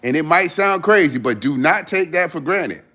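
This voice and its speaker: A man's voice: on the high side, lively intonation, normal speed, sharp tone. A man hosting a livestream, giving an earnest motivational talk to his viewers, repeating his points for emphasis in casual slang. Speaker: livestream host.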